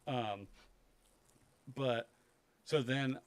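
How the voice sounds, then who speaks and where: A man in his thirties co-hosting a podcast, telling a loose, profane story. He acts out the other people's lines as he goes. His voice sits at an ordinary middle pitch. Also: very slow, smooth. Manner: profane, animated anecdote telling with acted quotes. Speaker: podcast co-host.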